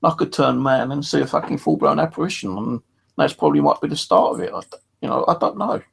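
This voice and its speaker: A man's voice: medium pitch, big pitch swings, fast, vocal fry, husky. A middle-aged man streaming, talking in a casual, rambling monologue full of fillers. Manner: rambling, many fillers and restarts.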